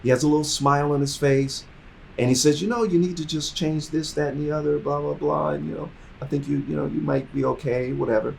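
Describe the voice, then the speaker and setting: A middle-aged man telling his career story in an interview, acting out the people in it and swinging from quiet asides to loud, excited bursts. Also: fairly quick, creaky, a little hiss or hum. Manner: animated, acts out dialogue, swings from low asides to loud bursts. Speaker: interview guest.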